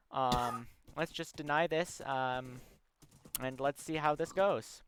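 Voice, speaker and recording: A man's voice: medium pitch, steady tone, moderate pace, slight background noise. A young man chatting casually on a game livestream, rambling through long stories packed with ums and likes. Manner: rambling, filler-heavy storytelling. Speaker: gaming livestreamer. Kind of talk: casual live-stream chat.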